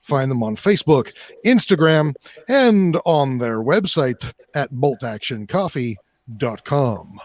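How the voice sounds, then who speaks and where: A man's voice: medium pitch, sing-song, slow, no room sound. A man doing a joking, exaggerated Canadian accent while reading a sponsor ad. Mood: mock-folksy. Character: man hamming up a folksy Canadian ad-reader. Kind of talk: jokey ad read.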